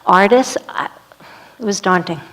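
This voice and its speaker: A woman's voice: mid-range voice, a little slow, fairly bright tone. A woman performing a one-woman play as a vivid, dramatic storytelling monologue.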